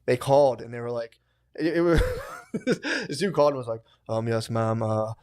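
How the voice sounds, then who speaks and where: A young man co-hosting a podcast, telling stories in a casual, profane chat with frequent laughter and quick asides. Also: medium pitch. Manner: animated storytelling, laughs often, quick asides. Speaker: podcast co-host.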